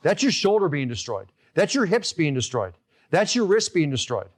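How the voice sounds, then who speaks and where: A man hosting a live online golf lesson as instructor, talking in an energetic, emphatic way and often checking in with "okay?". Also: fairly high pitch, moderate pace. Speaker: golf instructor and show host.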